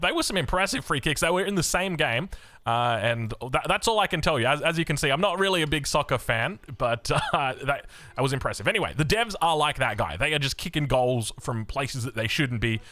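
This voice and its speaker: A fast-talking young Australian man calling a strategy game, with a voice that leaps up and down as he goes. He chats along easily, drifting into rambling side stories between plays. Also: no echo. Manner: chatty, rambling asides, lively swings in pitch. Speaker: game caster. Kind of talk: energetic esports commentary.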